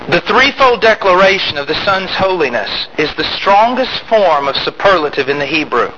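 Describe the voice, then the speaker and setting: Emphatic high-voiced male preacher. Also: very animated, moderate pace, dull audio, slight background noise. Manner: emphatic, swings between loud rising outbursts and low quiet asides. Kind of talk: sermon.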